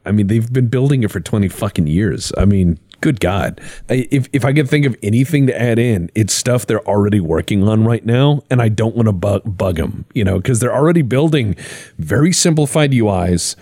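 A man's voice: on the low side, animated, brisk, dark tone, dry recording, studio quality. A man co-hosting a casual podcast, talking loosely, swearing freely and acting out his friends' lines. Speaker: podcast co-host.

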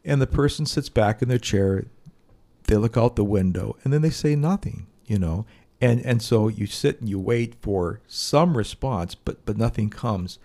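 A man's voice: on the low side, normal speed, a little mellow. A man co-hosting an advice podcast, telling stories bluntly in casual chat and laughing now and then. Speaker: podcast co-host.

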